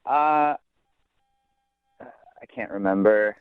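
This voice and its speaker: A man's voice: on the low side, drawn-out words, a loud crowd. A man calling into a radio show, talking earnestly and hesitantly, with many stammers and restarts. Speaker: caller. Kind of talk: phone call on a radio show. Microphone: telephone. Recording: tinny phone line.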